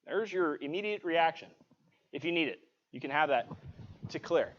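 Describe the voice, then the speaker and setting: A man's voice: fairly high pitch, lively intonation, moderate pace, fairly bright tone, slight background noise. A man teaching a live-streamed self-defense class, talking casually and checking in with "right?" as he demonstrates. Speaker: martial arts instructor. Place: martial arts studio. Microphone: clip-on mic, sometimes knocked off. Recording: dull lo-fi livestream audio.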